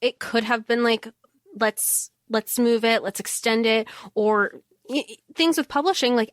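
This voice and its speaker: A woman co-hosts a casual book podcast with a fairly high voice. She thinks aloud, hedging and circling back as she talks. The recording is close and dry. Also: dry recording. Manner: thoughtful, hedging, many fillers. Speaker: podcast co-host.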